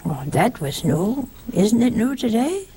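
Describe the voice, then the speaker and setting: A woman's voice: fairly high pitch, sing-song, a little slow, noisy background. A woman giving a conversational sermon in a folksy way, often turning to the listeners with rhetorical questions. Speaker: preacher.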